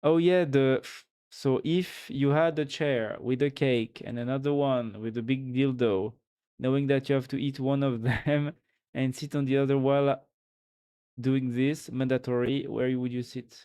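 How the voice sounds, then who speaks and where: A man's voice: medium pitch, fairly even intonation, a little slow, mellow, smooth. A man with a French accent chatting casually on a live stream, reading out and answering his chat in a rambling, giggly way. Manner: chatty, reads chat aloud and thanks followers.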